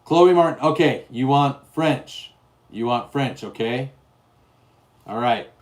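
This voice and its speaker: A man's voice: mid-range voice, lively intonation, slow. A middle-aged man hosting a casual livestream, chatting and reading viewer names aloud. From Utah, US. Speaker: livestream host.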